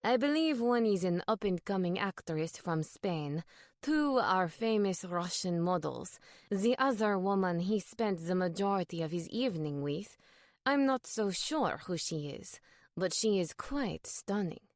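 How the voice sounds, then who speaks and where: A woman voicing a charming male paparazzo with a thick French accent, smooth and teasing. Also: medium pitch, animated, measured pace, no echo, studio quality, lightly acted. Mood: smooth, sly.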